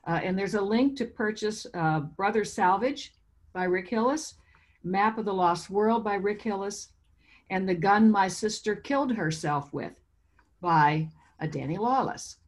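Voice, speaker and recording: A woman's voice: mid-range voice, unhurried. A woman who owns a bookstore, hosting and introducing poets at a reading held over video call, in a chatty, informal manner. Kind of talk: introducing a virtual poetry reading.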